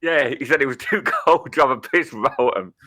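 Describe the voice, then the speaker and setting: Bright-voiced lad, swearing freely. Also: male voice, mid-range voice, brisk. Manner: swearing, laughing, stammering restarts. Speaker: podcast co-host. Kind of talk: casual chat.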